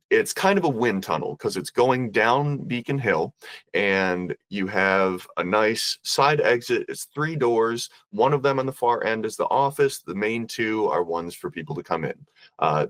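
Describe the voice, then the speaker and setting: Lively male ghost-story teller. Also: fairly low pitch, no echo. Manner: animated storyteller who acts out the voices. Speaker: podcast guest, ghost tour storyteller.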